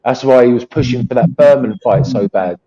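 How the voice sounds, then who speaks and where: A man's voice: mid-range voice, a little fast, mellow, muffled recording. A man with an English accent, chatting casually about boxing as a co-host, rambling and friendly. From England. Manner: chatty, rambling, says mate.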